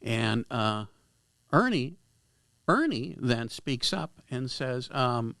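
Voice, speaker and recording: Man, guest storyteller, gravelly, mid-pitched, animated, dry studio sound. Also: takes it slowly, no echo. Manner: animated, acts out dialogue with lively shifts. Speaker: guest, screenwriter and director. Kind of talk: casual anecdotal storytelling. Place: podcast studio.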